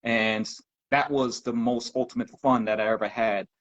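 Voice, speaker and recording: A man talking casually as a podcast guest, pausing often with ums. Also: medium pitch, fairly even intonation, fairly bright tone. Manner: halting, many ums. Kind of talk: casual conversation. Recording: dull lo-fi audio.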